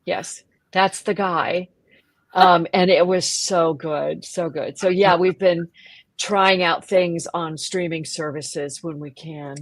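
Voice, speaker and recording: A woman's voice: lowish voice, fairly even intonation, slow, no room sound. A woman in casual podcast chat, laughing easily and searching for words as she talks.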